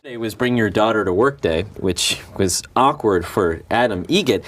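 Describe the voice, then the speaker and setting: A man's voice: lowish voice, expressive, moderate pace, few pauses, a little hiss or hum. A man in his thirties in a casual chat, easygoing and amused, who reads jokes aloud. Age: 30s.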